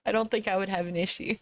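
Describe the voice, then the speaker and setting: A woman's voice: mid-range voice, dry recording. A young woman streaming a game, chatting casually with her viewers and laughing often as she plays. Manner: chatty, laughs often, talks to chat and to herself. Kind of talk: casual live-stream chat while gaming.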